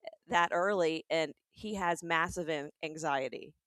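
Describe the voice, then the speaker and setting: A woman's voice: deep voice, measured pace, fairly bright tone, smooth, no echo, clean studio sound. A middle-aged woman from the American South with a Southern accent, co-hosting a comedic podcast in a chatty, laughing way. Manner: chatty, restarts and laughs a lot. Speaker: podcast co-host. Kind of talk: casual chat.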